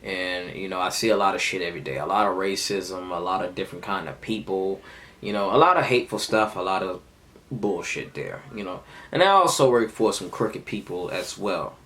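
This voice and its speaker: A man's voice: sits low, a little fast. A man in his twenties telling a heated, profane story of a fight at work in a casual vlog. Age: 20s. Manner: animated, profane, heated retelling. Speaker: vlogger.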